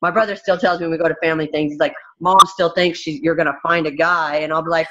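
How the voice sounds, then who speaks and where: A woman's voice: low-pitched, steady tone, quick pace, hardly any pauses, pushed and bright. A woman in her thirties, a fighter as interview guest, talking candidly in a blunt, emphatic way with many restarts. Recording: dull, muffled recording.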